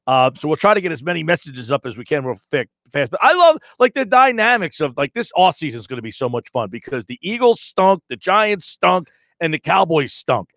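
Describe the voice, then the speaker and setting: Man, 40s, sports radio host, rambling casual talk, slightly high voice, dry close studio mic. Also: very animated, brisk, a bit bright, no echo. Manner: rambling, conversational, reads listener texts.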